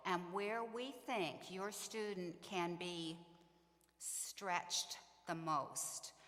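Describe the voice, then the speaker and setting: A woman's voice: fairly low pitch, fairly bright tone, long reverb tail. A woman addressing parents in an earnest, informational talk about a student program, sometimes acting out what students and parents say. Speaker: program staff speaking to parents.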